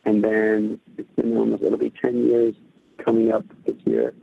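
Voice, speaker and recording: Male interview guest; fast, reflective, gravelly, phone-quality recording. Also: on the low side, flat delivery, no room sound. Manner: quick, halting, thinking aloud. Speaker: interview guest, pop musician. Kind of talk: reflective podcast interview answers. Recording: tinny phone-like dry line.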